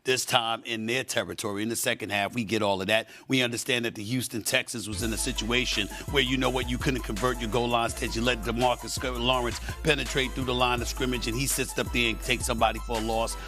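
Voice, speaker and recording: A man's voice: medium pitch, steady tone, quick pace, hardly any pauses, over music. A man hosting a sports debate show, talking emphatically and repeating phrases for effect.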